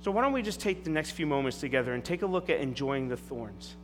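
A man's voice: a little high, fast talker, slight background noise. A middle-aged man preaching a sermon as a pastor, telling stories with emphatic asides. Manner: animated storytelling with emphatic asides. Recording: long hall reverb with faint music.

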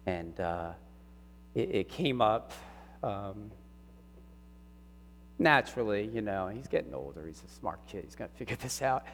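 A middle-aged man with a lowish voice shares his testimony from the pulpit, earnest and halting as emotion catches him. His words ring out into a large, reverberant room. A faint electrical hum sits under the recording. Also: lively intonation, a bit bright. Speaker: preacher. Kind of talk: personal sermon testimony.

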